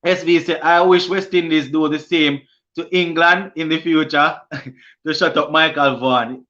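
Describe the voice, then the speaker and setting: Here a young man with a Jamaican accent, hosting a sports channel's cricket live stream, reads out comments from viewers and answers in an easygoing manner. His voice is a little high and sharp, with a steady tone and measured pace. The audio is lo-fi, as from a stream.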